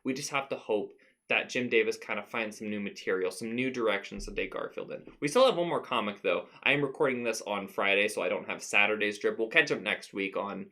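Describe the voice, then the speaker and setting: A man's voice: fairly low pitch, brisk, bright, forceful tone. A young man hosting a comic recap at home, talking with mock-serious irony and laughing at his own jokes. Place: home room.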